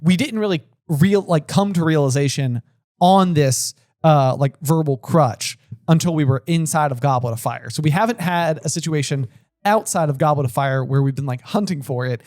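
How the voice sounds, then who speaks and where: A man's voice: fairly high pitch, moderate pace, a little mellow, dry recording, clean studio sound. A man co-hosting a book podcast, chatting casually with lots of fillers and restarts. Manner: rambling, many fillers and restarts. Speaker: podcast co-host. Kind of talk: casual chat.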